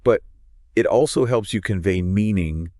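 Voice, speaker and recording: A man co-hosting an educational podcast, explaining in a calm, steady way and often agreeing with his partner. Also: lowish voice, normal speed, no echo, studio quality. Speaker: podcast co-host.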